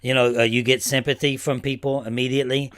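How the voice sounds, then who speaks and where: A man's voice: medium pitch, level tone, quick pace, a bit bright, no room sound, clean studio sound. A man hosting a podcast, chatting casually with his guest. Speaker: podcast host. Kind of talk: casual interview talk.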